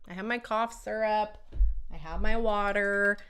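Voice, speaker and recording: A woman's voice: mid-range voice, steady tone, unhurried, fairly bright tone, a little hiss or hum. A woman hosting a casual live stream as a relationship coach, talking emphatically and chattily while she has a cold and keeps coughing. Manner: emphatic and chatty, with frequent "right?" and repeated words.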